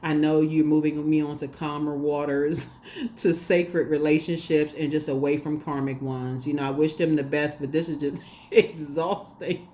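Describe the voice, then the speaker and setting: A woman with a lower voice giving a relaxed tarot reading to camera. She talks in a chatty, animated way, laughs often, repeats herself and speaks directly to her viewers. A faint hiss sits behind her. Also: moderate pace. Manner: addresses viewers directly and casually. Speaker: tarot reader.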